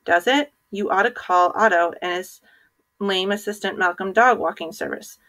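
A woman's voice: mid-range voice, normal speed, fairly bright tone, close to an everyday voice, poor audio. A woman reading aloud, voicing a clever, stubborn schoolboy who huffs back at his bossy friend. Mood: indignant. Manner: huffy, indignant.

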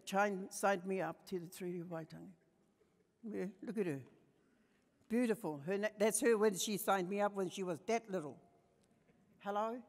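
Older New Zealand woman, hall reverb. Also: medium pitch. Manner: passionate, swings between soft and emphatic. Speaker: conference speaker. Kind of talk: personal storytelling talk.

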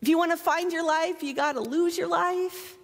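High-voiced woman preaching in a reverberant hall. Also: moderate pace. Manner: animated, playful, self-mocking asides. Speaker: pastor. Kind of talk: sermon. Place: church sanctuary.

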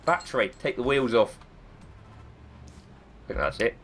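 A man's voice: mid-range voice, animated, unhurried, fairly bright tone, slight background noise. Man with a cold, swearing. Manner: chatty, swears often, self-mocking. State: has a cold. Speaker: gaming video host. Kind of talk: let's-play commentary.

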